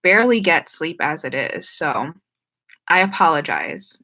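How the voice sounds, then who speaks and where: A young woman with a New Jersey and Philadelphia accent talks casually on a live stream, filling her sentences with "like" and "um" and sometimes tripping over her words. Her voice sits slightly low and sounds bright and sharp. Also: very animated, unhurried. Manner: chatty, frequent "like" and "um", trips over words. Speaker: YouTuber hosting a live stream Q&A.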